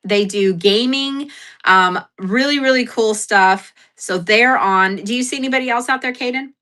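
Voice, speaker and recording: A woman's voice: on the high side, moderate pace, pushed and bright. A woman hosting a casual livestream sale, chatting in a rambling, giggly, self-deprecating way with lots of fillers. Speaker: livestream seller host.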